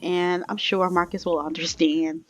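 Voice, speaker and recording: A woman doing a young woman in a life sim game who has made a big mistake and keeps defending herself. The voice sits fairly low and stays close to a plain everyday delivery, hesitant in some moments and sharp in others. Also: little pitch movement, measured pace, faint music behind. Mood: worried.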